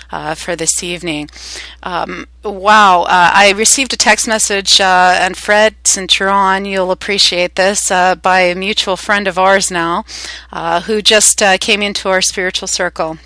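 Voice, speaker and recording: Bright-voiced Canadian woman leading a spiritual talk. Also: fairly low pitch, dry recording, low-quality recording. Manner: rambling, many filler sounds. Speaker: spiritual host.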